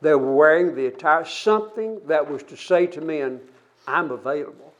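Older guy in his 70s giving a sermon, earnest, stops and restarts a lot, pitched a little high. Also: highs cut off. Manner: earnest, halting, with frequent restarts. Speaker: preacher. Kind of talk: sermon to a congregation.

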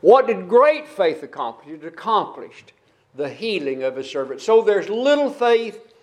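A man with a high voice preaches a sermon. He retells the story with emphasis, adds folksy asides and often repeats words when he starts a phrase over. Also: very animated, measured pace, darkish tone.

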